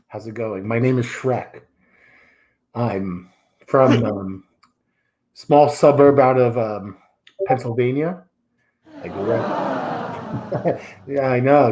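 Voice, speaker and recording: A man's voice: medium pitch, darkish tone, a little hiss or hum, natural voice, low-quality recording. A man from the Philadelphia suburbs playing an ogre celebrity guest in a comedy stream, talking hesitantly with many fillers. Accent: American, from the Philadelphia suburbs. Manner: hesitant, rambling, full of fillers.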